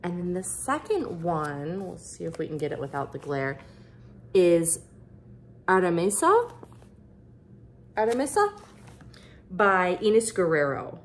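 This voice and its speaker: Gushing woman with a lively voice. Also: on the low side, unhurried, slight background noise. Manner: bubbly, gushing excitement with fillers. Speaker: craft vlogger. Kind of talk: casual unboxing chat.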